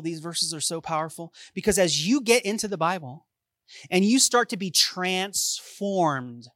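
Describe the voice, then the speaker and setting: A man preaching a sermon, reading scripture and moving between loud, urgent lines and hushed ones. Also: high voice, dry recording, studio quality. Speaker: pastor.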